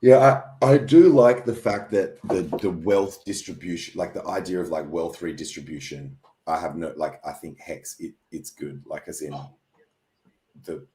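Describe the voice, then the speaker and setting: A man chatting casually on a podcast roundtable, agreeable and halting, with many fillers and restarts. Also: low voice, dark tone, roomy sound.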